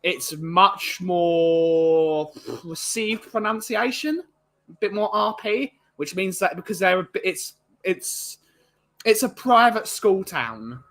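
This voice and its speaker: A man's voice: sits high, expressive, slow pace, a bit bright. A man from England hosting a casual live-stream podcast, rambling chattily and greeting chat viewers by name.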